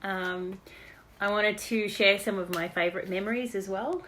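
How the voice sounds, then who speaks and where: A woman's voice: medium pitch, steady tone, moderate pace, fairly bright tone, slight background noise. An Australian woman casually reminiscing in an unrehearsed birthday message, chatty and laughing between stories. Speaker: daughter giving a birthday message.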